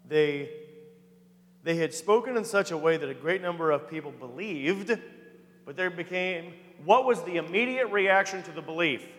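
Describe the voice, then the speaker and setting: Man, fairly high voice, Bible class teacher, quizzing the group, reverberant hall. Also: normal speed, a bit bright. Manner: questions the class, reads scripture aloud. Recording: echoey hall.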